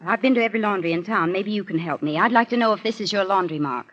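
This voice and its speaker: An actress playing a sharp, self-assured young female newspaper reporter in a 1940s radio drama, quick and teasing. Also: mid-range voice, natural voice. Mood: eager. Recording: dull old radio broadcast with music.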